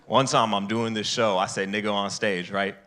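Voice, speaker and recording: A man performing a stand-up comedy set on a live stage, jumping into high, loud voices to act out other people. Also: fairly even intonation, normal speed.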